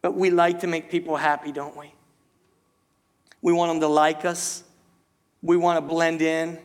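High-voiced male preacher in a reverberant hall. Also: little pitch movement, unhurried. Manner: repetitive, rhetorical questions to congregation. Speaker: pastor. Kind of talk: sermon. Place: church sanctuary.

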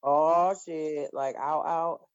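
A woman's voice: low-pitched, fairly even intonation, slow pace, no echo, highs cut off. A woman chatting casually and bluntly over a video call, telling stories full of swearing and laughter. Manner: blunt, profane, storytelling with laughs. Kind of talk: casual chat.

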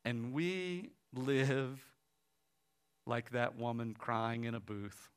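A man's voice: mid-range voice, extremely slow, smooth. Man preaching a story-driven sermon. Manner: retells a story with lively quoted voices, quiet and soft at the close. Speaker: pastor.

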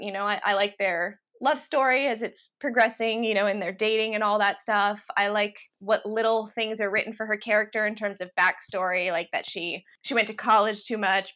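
A young woman co-hosting a podcast, chatting casually and laughing often between quick asides. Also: mid-range voice. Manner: giggly, animated, talks in quick asides. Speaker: podcast co-host. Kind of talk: casual chat.

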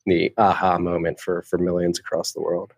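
A man with a very deep voice hosting a casual podcast conversation. He speaks haltingly, with fillers and restarts. The recording is dry and close, with no room sound. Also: flat delivery, vocal fry, dry recording. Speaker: podcast host.

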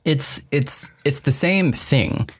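A man's voice: medium pitch, animated, slow pace, a little hiss or hum. A young man co-hosting a podcast in casual chat, laughing often and rambling with restarts. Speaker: podcast co-host.

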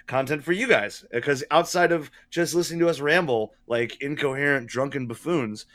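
A man's voice: medium pitch, normal speed, a bit bright. A man co-hosting a podcast, chatting casually and joking in a laid-back way. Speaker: podcast co-host. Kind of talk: casual chat.

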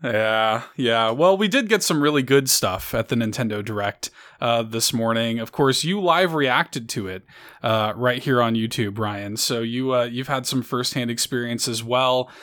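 A man hosting a casual live-stream chat, talking excitedly and rambling. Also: medium pitch, normal speed. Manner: excited, rambling, self-correcting. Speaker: podcast host.

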